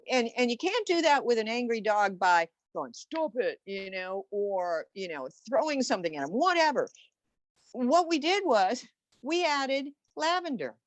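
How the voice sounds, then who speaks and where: A woman in casual podcast chat, enthusiastic and rambling, breaking off into excited exclamations and asides. Her voice sits at a middle pitch for a woman. The sound is close and dry, with no room echo. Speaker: animal flower essence practitioner.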